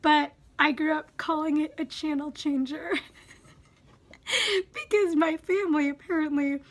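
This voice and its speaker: A woman's voice: high voice, measured pace. A young woman from Wisconsin with a Wisconsin accent, casually reading through a word list and second-guessing how she says each word. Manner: reads a word list, musing aloud and second-guessing her pronunciations. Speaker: vlogger.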